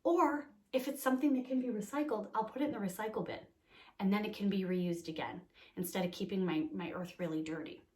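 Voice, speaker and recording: A young woman teaching a remote lesson to small children, cheerful and encouraging, speaking slowly and clearly. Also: mid-range voice, a little mellow. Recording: echoey room.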